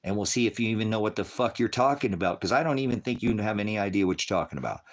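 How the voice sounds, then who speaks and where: A man preaching on a livestream, berating viewers in his chat with constant profanity and swinging between shouting and muttering. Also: lowish voice, animated, racing.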